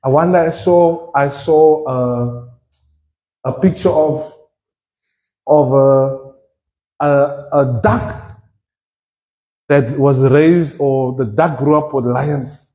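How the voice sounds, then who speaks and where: A man's voice: mid-range voice, steady tone, takes it slowly, long pauses, mellow, echoey room, rough recording. A South African man preaching a sermon as pastor, joking and acting out voices, laughing often. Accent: South African, switching with Afrikaans. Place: church.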